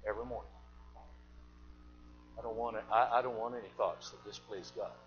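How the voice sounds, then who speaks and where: A man preaching a sermon, telling a folksy story and swinging between loud bursts and hushed asides. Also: lowish voice, fairly even intonation, fast. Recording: dull lo-fi church recording with long reverb and faint music.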